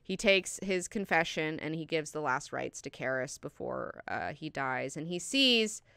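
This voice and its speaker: Woman, book class host, casual recap, swears a lot, slightly low pitch, bright tone. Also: lively intonation, a little slow, vocal fry, clean tone, dry recording, clean studio sound. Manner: chatty and profane, heavy use of filler words.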